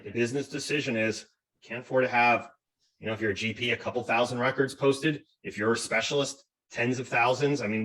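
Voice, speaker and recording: A man's voice: fairly low pitch, fairly bright tone. Man explaining from far off the mic. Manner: explanatory, fond of asking "right?". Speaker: cybersecurity expert guest. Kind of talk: webinar presentation.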